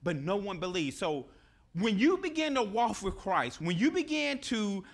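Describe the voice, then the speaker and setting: A middle-aged man preaching a sermon, animated and repeating his key phrases. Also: sits high, normal speed. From Nashville, Tennessee.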